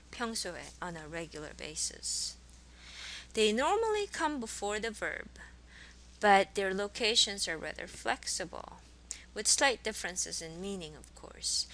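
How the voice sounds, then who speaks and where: A woman with a mid-range, sharp-toned voice teaches a college language class, patiently explaining grammar and modeling example sentences. This classroom lecture is a rough recording with a little hiss or hum.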